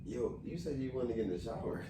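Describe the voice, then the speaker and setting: A man's voice: mid-range voice, animated, fast talker, background noise. A young adult man co-hosting a casual travel vlog with his wife, laid-back and chiming in to finish her story, recorded in a hotel room. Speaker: vlog co-host, husband. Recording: echoey room, camera at a distance.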